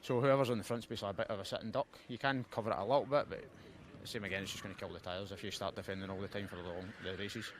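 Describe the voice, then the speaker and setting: Scottish kart racer, quick and matter-of-fact, noisy trackside. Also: male voice, fairly low pitch, steady tone. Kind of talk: trackside interview. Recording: outdoor track with clear noise.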